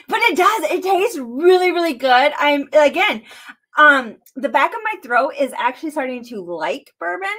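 A bubbly woman chats casually as she mixes a drink on a live stream. Her voice sits high and light. She giggles often and keeps the talk easy. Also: sing-song, measured pace, fairly bright tone. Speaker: co-host making cocktails.

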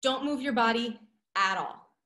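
A young woman teaching an online dance class over a video call, playful and energetic, counting out the beats. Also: on the high side, measured pace. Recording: roomy echo.

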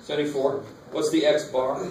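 A man's voice: a little high, level tone, moderate pace, a little mellow. A man teaching a math lecture, talking casually and asking the class questions. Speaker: math instructor. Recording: echoey classroom from far off, faint noise.

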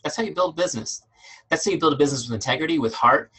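A man's voice: a little high, expressive, racing, pushed and bright, breathy edge, poor audio. A middle-aged man leading a business training webinar, emphatic and fired up, repeating his key points. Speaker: business coach.

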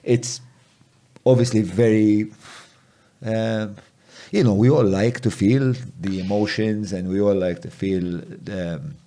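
A man hosting a podcast interview, reflective and gently rephrasing what his guest feels. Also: on the low side, fairly even intonation, slow. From Malta. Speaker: podcast host.

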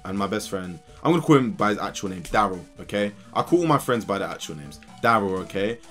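A young man telling a rambling, animated story while playing a video game. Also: fairly low pitch, faint music behind. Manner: rambling and animated, quick bursts of excitement. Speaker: gaming channel host. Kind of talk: casual let's play storytelling.

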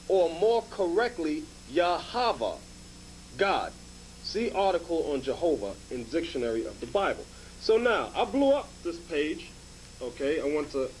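This bishop's fairly high-pitched voice leads a group scripture lesson, where he emphatically repeats his points and follows each with "okay?" The recording is rough, with a little hiss or hum.

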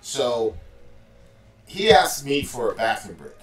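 A man's voice: medium pitch, big pitch swings, slow pace. A man telling a story in a casual, loose way, using "like" and "bro" constantly. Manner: loose, filler-heavy, says "like" and "bro" constantly. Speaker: former call center supervisor. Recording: roomy and distant from the mic, faint music.

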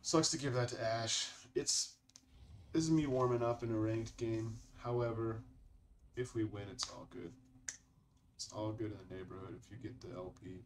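His voice runs low and his speed is normal, with slight hiss or hum underneath. He's a relaxed channel host from Colorado, United States, commenting on his own gameplay and addressing people as "bro" and "dude."

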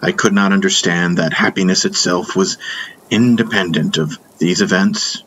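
A man's voice: low-pitched, normal speed, fairly bright tone, slight background noise. A man reading a first-person fantasy audiobook in a solemn, reflective way. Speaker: audiobook narrator. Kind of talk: scripted first-person narration.

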